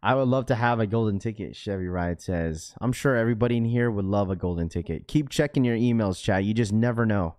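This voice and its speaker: A young man hosting a casual live stream, reading viewer comments aloud and bantering back in slangy talk, climbing loud and high when he gets worked up. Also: brisk, hardly any pauses. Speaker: livestream host.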